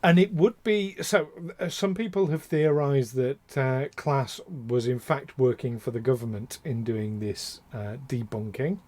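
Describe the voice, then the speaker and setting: A man's voice: mid-range voice, measured pace, hardly any pauses, a little mellow. A man co-hosting a podcast, talking casually with passion and many fillers and restarts. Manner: impassioned, ranting, lots of fillers and restarts. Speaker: podcast co-host.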